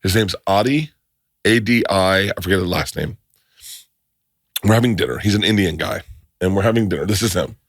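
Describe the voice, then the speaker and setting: A man hosting a podcast, telling stories in casual chat with quick impressions. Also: sits low, no room sound, clean studio sound. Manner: animated storyteller, jumps into impressions. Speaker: podcast host.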